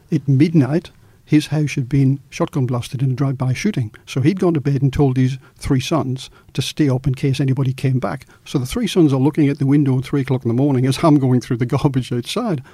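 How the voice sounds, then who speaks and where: A middle-aged male journalist from Australia telling a story in an interview, lively and acting out the quoted dialogue. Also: medium pitch, brisk, hardly any pauses, husky, no room sound.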